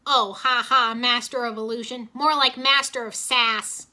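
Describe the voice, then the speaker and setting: A woman's voice: high voice, expressive, fast talker, a bit bright, voice pushed up. A woman doing a wisecracking young ninja guy. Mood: sarcastic. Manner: sarcastic, quippy.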